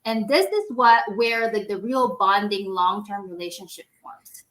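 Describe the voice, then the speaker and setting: A woman in her forties, a medical device sales rep guesting on a podcast, telling stories in a casual, animated way, laughing often and acting out quoted dialogue. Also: mid-range voice, unhurried. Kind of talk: casual storytelling interview.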